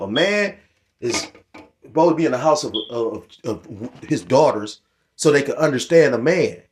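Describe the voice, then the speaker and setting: A middle-aged man giving rambling, profane commentary on scripture and current events, heated and full of restarts. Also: a little high. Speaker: religious commentator.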